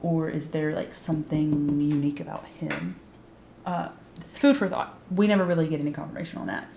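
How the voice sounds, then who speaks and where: A woman's voice: sits low, steady tone, a little fast, gravelly, dark tone, roomy sound, a little hiss or hum. A woman giving a casual, sarcastic recap of a TV show, swearing freely and saying "like" a lot. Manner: sarcastic, profane, frequent "like" fillers. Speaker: YouTube recap host.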